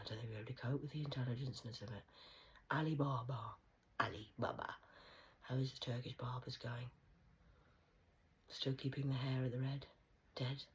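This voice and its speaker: A vlogger with a rumbling low voice rambles through a stream-of-consciousness monologue, punning and swearing as she swings from hushed whispers to loud outbursts. The audio quality is poor.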